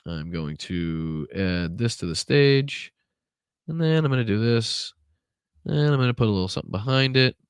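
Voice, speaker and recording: A man's voice: fairly low pitch, expressive, normal speed, clean tone, no room sound. A man hosting a political livestream, talking casually in a profane, exasperated, rambling way.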